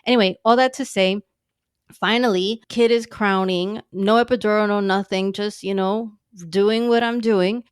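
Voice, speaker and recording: A woman in her thirties tells her story in a loose, casual way. She is sarcastic, laughs often and swears freely. Her voice is smooth and clear, recorded close and dry, with a mid-range pitch. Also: fairly even intonation, normal speed, no room sound. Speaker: podcast guest.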